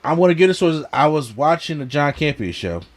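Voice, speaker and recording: A man's voice: a little high, sing-song, fairly quick. A man hosting a casual pop culture podcast, talking animatedly and tripping over names as he reads quotes aloud. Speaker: podcast host.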